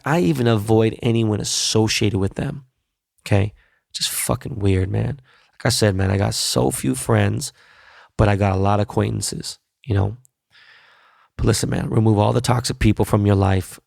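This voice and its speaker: Gravelly, profane male podcast host. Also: fairly low pitch, darkish tone, dry recording, clean studio sound. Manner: loose, profane and blunt, laid-back street slang. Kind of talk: casual solo podcast wrap-up.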